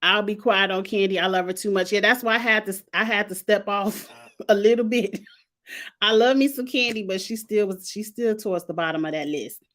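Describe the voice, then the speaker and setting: A woman's voice: mid-range voice, brisk, fairly bright tone. Sassy woman in her forties vlogging. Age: 40s. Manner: sassy, candid, playfully shady. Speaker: vlogger reviewing reality TV fashion. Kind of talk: casual commentary vlog.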